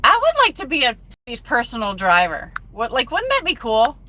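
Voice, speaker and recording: A woman truck driver live-streams from her cab at a truck stop and chats casually with her viewers, reading their comments aloud. Her voice is bright and sits a little high. She is recorded on a phone with faint vehicle noise behind her. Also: huge pitch swings, moderate pace.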